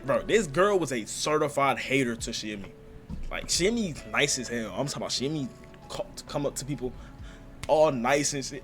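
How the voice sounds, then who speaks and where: A man giving casual, slangy reaction commentary on a manga chapter, excitable and quick to laugh. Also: medium pitch, soft background music.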